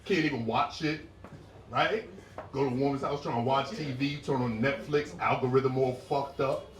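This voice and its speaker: A man doing a stand-up set, animated and jumping into high-pitched impressions of women, with crowd work. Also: normal speed, slight background noise. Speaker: stand-up comedian. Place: comedy club stage. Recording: roomy live club sound heard from a distance. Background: laughing audience.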